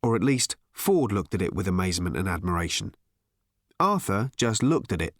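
A man narrates an audiobook in a wry, expressive manner, his pitch moving lively through each sentence. The recording is dry and close-miked, with no room sound. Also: moderate pace, no echo. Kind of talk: scripted narration.

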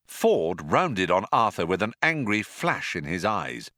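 A man's voice: low voice, big pitch swings, unhurried, few pauses, pushed and bright, no room sound. A man narrating an audiobook in a dry, wry storytelling manner. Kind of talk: scripted narration.

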